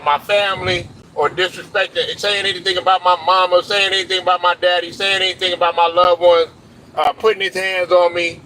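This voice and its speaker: A man's voice: high-pitched, sharp tone, poor audio. A man hosting a sports show, delivering a blunt, profane, preachy rant with faint traffic noise around him. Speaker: sports commentary host.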